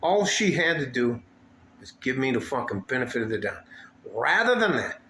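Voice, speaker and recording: A man's voice: medium pitch, very animated, moderate pace, pushed and bright. A man venting angrily in a vlog, profane and heated, circling back to the same complaints. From West Texas. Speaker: vlogger. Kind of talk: angry venting monologue. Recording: echoey room with faint ambient noise.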